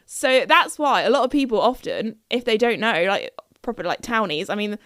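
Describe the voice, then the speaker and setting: A young woman hosting her own podcast, chatting casually and bubbly, often giggling and squealing with excitement. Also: on the high side, normal speed, no room sound, clean studio sound. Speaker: podcast host.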